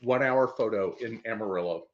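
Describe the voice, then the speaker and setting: A man's voice: fairly low pitch, normal speed. Joking man, stammering, slightly dull sound. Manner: joking, self-mocking, stammering restarts. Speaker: co-host of a slots show. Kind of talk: casual chat with live viewers.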